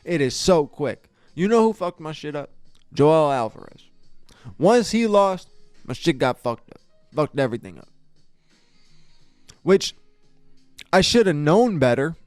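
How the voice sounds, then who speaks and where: A podcast host, a man whose voice sits fairly high, rants through a casual fight review. He sounds exasperated and curses freely, and his sentences stammer and restart. The sound is dry and close, with faint music underneath. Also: lively intonation, measured pace, pauses often, a little mellow, dry recording. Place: podcast studio.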